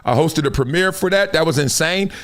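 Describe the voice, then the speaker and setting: A middle-aged man hosting a live sports and culture stream, talking in loose slang with loud bursts and low asides. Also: a little fast. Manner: animated, slangy, jumps between loud bursts and low mutters. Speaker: show host.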